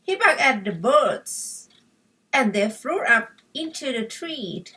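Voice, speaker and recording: Lady reading a kids story real slow n clear, a bit far off the mic. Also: high-pitched, big pitch swings, sharp tone. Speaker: storybook reader. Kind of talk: slow read-aloud for English learners.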